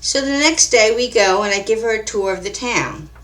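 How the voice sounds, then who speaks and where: Calm woman narrating a mystery story. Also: on the high side, moderate pace. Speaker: author and narrator.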